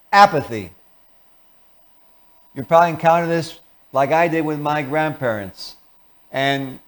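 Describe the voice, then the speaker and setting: A man hosting a talk show, explaining ideas and acting out short example conversations in different voices. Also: fairly high pitch. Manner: explains with acted-out example dialogues. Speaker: show host.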